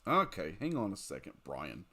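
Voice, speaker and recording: A man's voice: deep voice, wildly swooping pitch, normal speed. Sleepy young guy on a late night game stream, chatty and giggly, voice bounces around a lot. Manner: rambling, giggly, reacts loudly to the game. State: tired. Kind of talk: casual late-night gaming stream chat.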